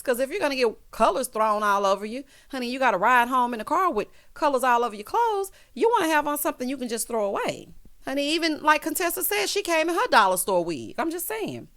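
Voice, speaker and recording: A woman's voice: sits high, sing-song, brisk, fairly bright tone. Sassy chatty woman vlogger. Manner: sassy, chatty, talks straight to the cast. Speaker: recap vlogger. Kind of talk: casual reality-TV recap.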